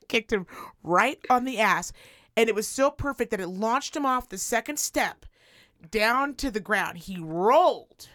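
A woman on a casual podcast spins a long, profanity-laced story and jumps into the voices of the people she quotes. Her pitch sits in the middle, and the sound is dry and close. The delivery is loose and chatty. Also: no room sound. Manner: profane, animated storyteller who acts out quotes. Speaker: podcast co-host.

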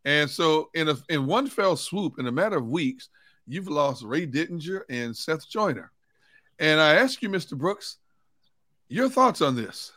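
A man's voice: fairly high pitch, big pitch swings, measured pace, pushed and bright, no echo. A middle-aged man hosting a casual sports talk show, a playful storyteller who teases his co-hosts. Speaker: host.

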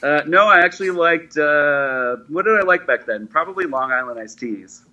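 A man's voice: a little high, lively intonation, moderate pace, pushed and bright, dull audio. A man in his forties, a guest telling his story in a chatty, self-deprecating way, laughing easily. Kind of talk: casual interview storytelling.

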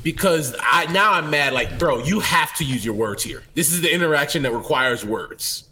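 Lively male podcast co-host, bright voice, blunt, laughs a lot. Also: fairly high pitch, normal speed. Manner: animated, blunt, laughs often. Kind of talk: casual chat.

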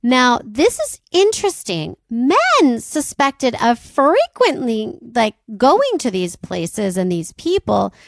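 Gravelly-voiced woman podcast co-host. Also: fairly high pitch, slow, few pauses, no echo. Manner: animated storyteller, reads notes with wry asides. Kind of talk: casual history podcast chat.

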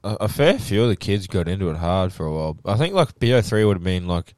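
A young Australian man with a very low voice tells stories in a loose podcast chat. He is animated and swears constantly. The sound is dry and close. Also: fast, dry recording. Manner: animated storytelling, heavy swearing. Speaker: podcast co-host. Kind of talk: casual chat.

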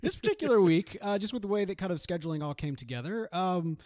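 A man with a high, springy voice co-hosts a podcast in easy banter. He teases himself and chuckles often, and his pitch bounces up and down. The sound is dry and close. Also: expressive, fast talker, a little mellow, dry recording. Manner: joking, self-mocking, laughs easily. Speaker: podcast co-host. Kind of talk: casual chat.

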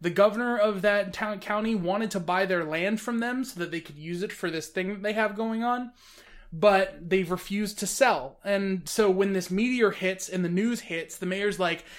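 High-pitched guy chatting about movies, rambly, keeps restarting his sentences. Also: normal speed. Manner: rambling, animated, restarts often. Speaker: podcast host reviewing films. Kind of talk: casual chat.

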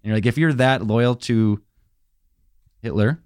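A man's voice: mid-range voice, unhurried, darkish tone, no room sound, clean studio sound. A man co-hosting a podcast in casual chat, asking questions and laying out theories. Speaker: podcast co-host.

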